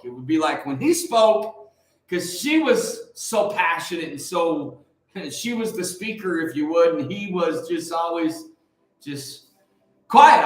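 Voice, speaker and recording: Fervent high-voiced preacher, echoey. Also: male voice. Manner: swings from quiet asides to shouted revival fervor. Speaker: livestream host. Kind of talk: preacherly storytelling to a live chat.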